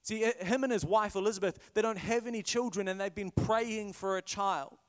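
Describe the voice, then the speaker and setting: High-voiced preacher in an echoing hall. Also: male voice, a little fast, clean tone. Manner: conversational, playful, self-correcting. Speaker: pastor. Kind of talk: sermon.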